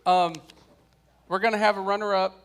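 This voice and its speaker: A man's voice: high-pitched, level tone, normal speed, fairly bright tone, clean tone. A man teaching a casual church Bible class, chatting and joking with his students.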